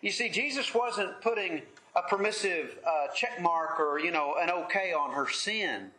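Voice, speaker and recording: A man preaching a sermon in an earnest, measured way, pausing often as he leads a Bible study. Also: sits high, pushed and bright, echoey room.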